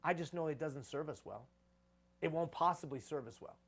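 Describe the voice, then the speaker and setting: A man's voice: fairly high pitch, a little fast, breathy edge. A man giving a live conference talk on leadership, preaching with repeated phrases for emphasis.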